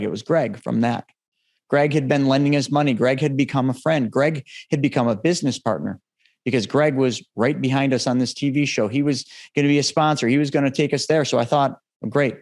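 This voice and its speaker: Man, podcast host, earnest storytelling, mid-pitched voice, emotional. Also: creaky, darkish tone. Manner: earnest and emotional, dropping low for heavy moments. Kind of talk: personal storytelling.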